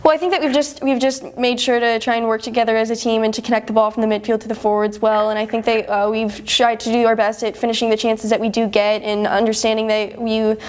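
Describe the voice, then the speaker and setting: A young woman college athlete from Texas answers interview questions in earnest, modest, drawn-out sentences. Her voice sits on the high side but stays fairly even in tone, with little rise and fall. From Houston, Texas, USA. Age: young adult. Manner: earnest, modest, speaks in long rambling sentences. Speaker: college soccer player interviewee. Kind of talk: post-game sports interview.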